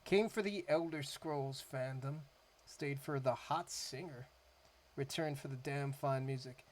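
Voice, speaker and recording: A man's voice: medium pitch, measured pace, a little hiss or hum. A man giving casual, rambling reaction commentary as a music reaction host, his talk loose and full of "like" fillers.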